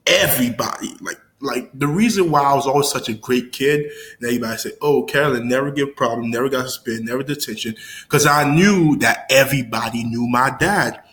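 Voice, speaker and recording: A young man tells his viewers a story from his childhood in a loose, casual vlog. His voice sits at a middle pitch, and his talk is full of slang, fillers and false starts. When he acts out a scene, his voice jumps sharply upward. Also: fairly quick, low-quality recording. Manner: loose and rambling, slangy, with many fillers and restarts; animated, jumps high when acting out scenes. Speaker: YouTuber telling a story to viewers.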